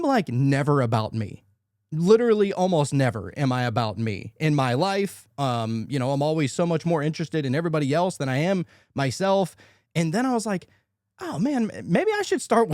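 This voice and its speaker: A man hosting a podcast in casual conversation, excitable and often searching for words with many restarts. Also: on the high side, dry recording, studio quality. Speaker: podcast host.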